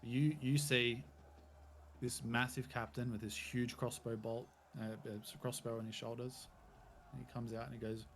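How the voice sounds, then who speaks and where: A man's voice: medium pitch, level tone, normal speed, slight background noise. A man narrating as game master, with loose, rambling descriptions full of hedging fillers.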